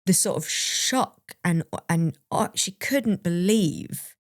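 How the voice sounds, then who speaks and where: A woman's voice: lowish voice, animated, takes it slowly, dry recording, clean studio sound. A young adult woman co-hosting a podcast, candidly and reflectively telling a personal story and laughing now and then. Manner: open, reflective, laughs while recalling. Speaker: podcast co-host.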